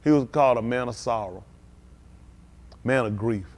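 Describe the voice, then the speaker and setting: At a live-streamed synagogue service, a man preaches a sermon in a folksy, conversational style, posing questions to the congregation and occasionally erupting into loud outbursts. His voice is medium-pitched and his pace moderate.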